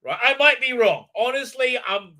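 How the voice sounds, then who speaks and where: A male host recapping a TV episode on a live stream in heated, indignant casual talk, full of halting restarts. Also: very high-pitched, expressive, pushed and bright. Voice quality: frequent filler sounds and restarts, heated, indignant. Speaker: show host.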